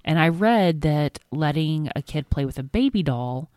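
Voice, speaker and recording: A woman's voice: deep voice, animated, moderate pace, a little mellow, no echo, studio quality. A woman co-hosting a podcast in casual chat, a chatty, rambling storyteller who swears casually. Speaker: podcast co-host.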